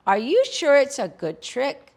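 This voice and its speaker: A wise, calm roadrunner woman in a spoken folk tale, as a woman storyteller puts her on. She speaks patiently and gently firm, with a gravelly grain to her voice. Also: mid-range voice, slow pace, pitched above the performer's own voice, heavily acted. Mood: wary.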